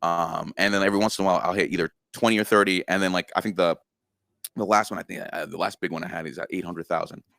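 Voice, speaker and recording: Guy with a lowish voice talking shop on a chat stream, earnest, dry sound. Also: fairly even intonation, fast talker, creaky, fairly bright tone, no room sound. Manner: earnest, explains step by step. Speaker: guest content creator. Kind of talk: casual interview chat.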